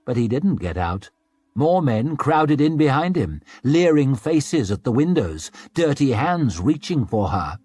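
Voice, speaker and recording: Husky, lively male audiobook narrator. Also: mid-range voice, a little slow. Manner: expressive narration with scornful character asides. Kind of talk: scripted narration.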